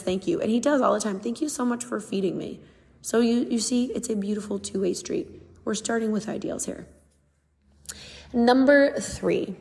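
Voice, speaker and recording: A woman's voice: mid-range voice, a little mellow. Earnest young woman podcasting in reverb. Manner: earnest, candid, emphatic. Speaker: podcast host. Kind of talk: casual solo podcast talk.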